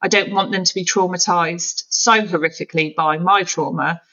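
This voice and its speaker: A woman's voice: fairly low pitch, steady tone, normal speed, bright, forceful tone, lo-fi sound. A woman talking openly and emotionally as a podcast guest, in an open, searching way. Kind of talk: candid conversation.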